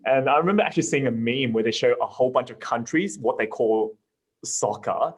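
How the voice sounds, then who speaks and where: Casting: young male podcast host, playful, quizzes guests, mid-pitched. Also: fairly quick, slightly rough, low-quality recording. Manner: playful, upbeat, prompts guests. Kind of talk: casual chat, hosting.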